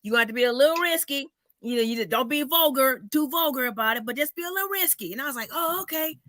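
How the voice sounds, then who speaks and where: High bright-voiced woman comedian. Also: fast. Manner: animated storyteller, acts out voices, swears freely. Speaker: comedian hosting a chat. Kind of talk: casual chat.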